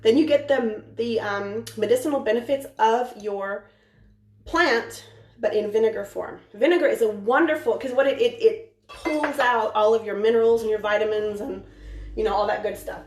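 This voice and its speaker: A woman hosting a casual live cooking stream from her home kitchen, chatty and excitable, rambling with many restarts. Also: on the high side, normal speed. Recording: echoey kitchen, mic at a distance, faint noise.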